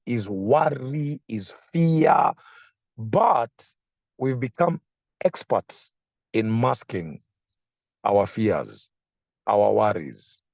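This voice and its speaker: A man preaching a sermon, slow and emphatic, repeating phrases for effect. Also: mid-range voice, vocal fry, darkish tone, slightly rough, dry recording.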